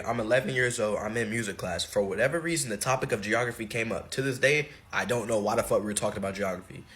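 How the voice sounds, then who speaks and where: A young man telling a comic story from his childhood in a casual, profane, animated way. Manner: profane, animated, swings high when excited.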